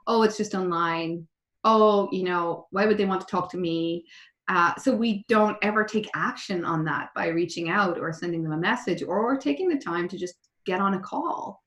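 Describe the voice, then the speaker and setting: A woman's voice: on the low side, moderate pace, fairly bright tone. A woman therapist who is a guest on a podcast, speaking earnestly and animatedly over a remote call from her home. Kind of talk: heartfelt conversational chat. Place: home in Ireland. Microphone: remote call recording. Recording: roomy remote call audio.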